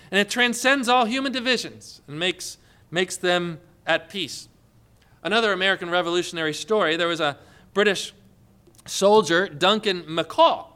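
Bright high-voiced male preacher. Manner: storytelling with rising emphatic questions. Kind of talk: sermon.

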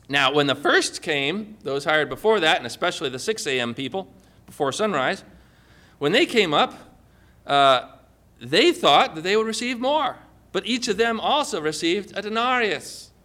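A man preaching a sermon with an animated delivery, full of rhetorical questions and dramatic emphasis. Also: sits high.

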